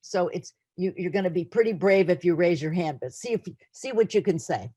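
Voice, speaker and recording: A woman's voice: lowish voice, expressive, fairly quick, warm tone, breathy edge, no echo. A middle-aged woman teaching an online class in an earnest, emotional way, often repeating words. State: near tears.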